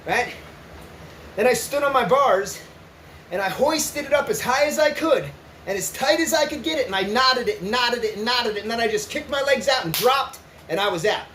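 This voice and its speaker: Male vlogger, very high voice, roomy sound; rambling, swearing, chatty. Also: expressive, normal speed, a bit bright. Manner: profane, rambling, keeps asking "right?"; breaks into laughs. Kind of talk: casual storytelling to viewers. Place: indoors, riding an exercise bike. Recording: roomy echo with faint noise.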